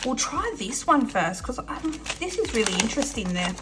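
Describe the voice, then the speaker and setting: A woman's voice: on the high side, big pitch swings, normal speed, noisy background. An Australian woman vlogging casually to camera, chatty and effusive, giggling and talking while she eats snacks. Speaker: budgeting vlogger.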